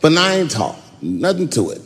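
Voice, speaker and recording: A man performing a stand-up comedy routine on a theater stage, animated and profane, laughing through his punchlines. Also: a little high, normal speed. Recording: echoey hall with loud crowd and noise. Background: audience laughter and crowd noise.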